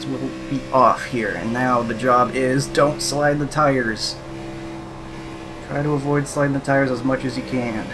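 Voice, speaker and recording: A man giving casual live commentary while sim racing from home, thinking aloud, a little out of breath, laughing softly at himself. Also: medium pitch, steady tone, measured pace, music in the background. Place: room at home.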